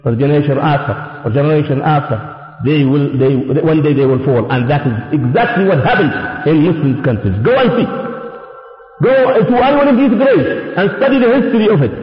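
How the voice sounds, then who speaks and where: A man giving a sermon as an Islamic preacher, emphatic, asking rhetorical questions and answering them himself. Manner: emphatic, rhetorical questions, swings high and low. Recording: echoey hall, dull lo-fi sound.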